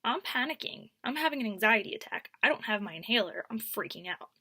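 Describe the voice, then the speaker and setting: Animated young woman telling a story. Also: on the high side, quick pace, slightly rough, dry recording, studio quality. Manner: animated, swings from whispers to near-shouts. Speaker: vlogger. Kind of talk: storytime vlog.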